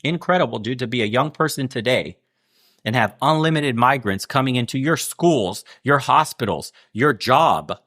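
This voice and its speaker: A man in mid-rant, hurling sarcastic rhetorical questions and swearing freely. His pitch sits in an ordinary male middle register. The sound is dry and close, with no room echo. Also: lively intonation, moderate pace, a bit bright. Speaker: channel host. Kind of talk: political commentary rant.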